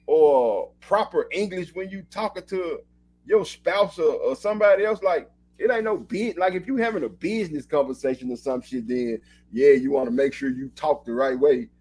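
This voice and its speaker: A man co-hosts a podcast in loose, casual chat. He makes his points with emphasis and swears offhandedly. His voice sits a bit high and has a husky edge. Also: expressive, normal speed, a little mellow. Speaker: podcast co-host.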